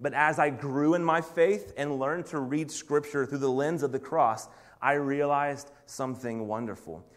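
Earnest man preaching a sermon. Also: medium pitch. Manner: earnest, confessional, with stammered restarts.

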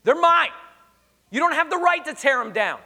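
A man voicing God as a father who sternly defends his children, slow and emphatic. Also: extremely high pitch, sing-song, bright, forceful tone, pitched above the performer's own voice, heavily acted. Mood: protective.

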